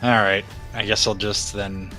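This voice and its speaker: A man's voice: on the low side, little pitch movement, a little slow, sharp tone, soft background music. A man playing in a tabletop game, chatting casually with eager questions. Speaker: player.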